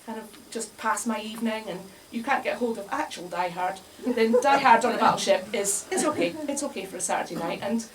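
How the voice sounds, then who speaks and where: Speaking fairly quickly with few pauses, this woman has an expressive, medium-pitched voice, and a crowd can be heard behind her. She's giving a wry, chatty comic talk to a live audience inside a bar, often cracking herself up. A distant mic records her with faint room noise.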